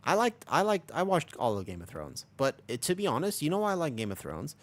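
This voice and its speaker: A man's voice: a little high, very animated, fairly quick. Rambling young man streaming live. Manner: rambling, restless, full of restarts and swearing. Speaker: Twitch streamer. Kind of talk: casual live-stream chat.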